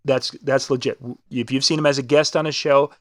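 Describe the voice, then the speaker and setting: A man's voice: mid-range voice, fairly even intonation, a little fast, dry recording. A man co-hosting a casual live web show, talking in a loose, rambling way with frequent restarts as he promotes a contest. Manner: rambling, restarts and fillers, upbeat promo talk. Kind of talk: casual live-stream chat.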